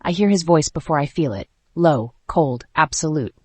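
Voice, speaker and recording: A woman narrating a first-person dark romance audiobook in a measured, tense way. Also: sits low, animated, husky, dry recording.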